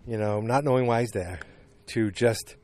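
A man's voice: on the low side, moderate pace, darkish tone. A man casually recapping a TV episode, rambling with lots of fillers and restarts. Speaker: show recapper. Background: dogs barking.

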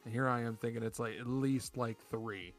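A man's voice: medium pitch, steady tone, moderate pace, faint music behind. A man co-hosting a podcast, telling party stories in casual chat with a laid-back, swearing manner. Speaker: podcast co-host.

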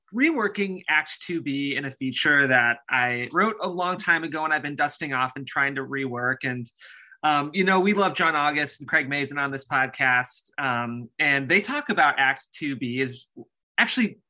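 Man co-host, bright and forceful tone, friendly and eager chat. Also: fairly high pitch, lively intonation, moderate pace. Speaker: podcast co-host. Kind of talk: casual podcast chat.

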